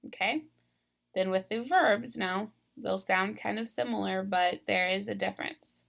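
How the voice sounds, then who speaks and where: A woman teaching a spelling lesson on video, speaking slowly and deliberately and stressing syllables. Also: mid-range voice, vocal fry, fairly bright tone.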